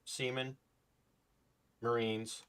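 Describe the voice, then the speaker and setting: A man's voice: mid-range voice, level tone, drawn-out words, fairly bright tone, smooth. A man co-hosting a talk show, speaking with passion and hard emphasis, his voice climbing when he gets worked up. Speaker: co-host. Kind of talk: podcast talk, impassioned rant.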